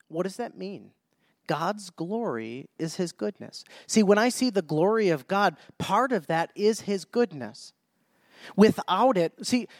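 A man's voice: sits high, no echo, clean studio sound. A man preaching a sermon, reading scripture and throwing out rhetorical questions, often restarting his phrases. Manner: reads scripture in old-fashioned biblical wording.

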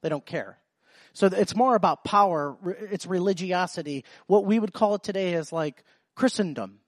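High-voiced preacher, dry sound. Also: male voice, moderate pace, dry recording. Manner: repetitive restarts, emphatic quoting of scripture. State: slight cough. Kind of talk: sermon.

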